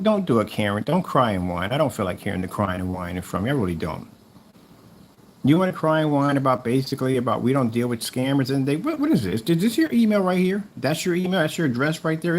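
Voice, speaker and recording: A man delivering a mocking, repetitive callout rant against a rival seller. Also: medium pitch. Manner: taunting, mocking, repeats himself. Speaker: YouTuber calling out a rival seller.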